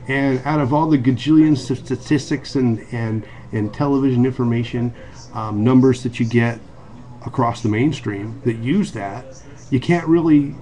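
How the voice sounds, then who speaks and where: A man's voice: mid-range voice, a little mellow. An American man giving an earnest solo monologue for a video blog, full of ums and restarts. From United States. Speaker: video blogger. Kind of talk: casual monologue to camera.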